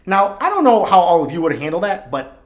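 A man's voice: high-pitched, sing-song, a little fast. A man from East Boston with a Boston accent, hosting a podcast and telling a fired-up, profanity-laden story into his microphone. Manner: profane, fired-up, swears constantly. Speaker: podcast host. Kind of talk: casual storytelling rant. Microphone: studio microphone.

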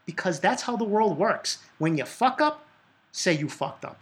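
A podcast host in his thirties with a Boston accent delivers a blunt, emphatic monologue full of swearing. His voice sits high and is very animated, at a normal speed.

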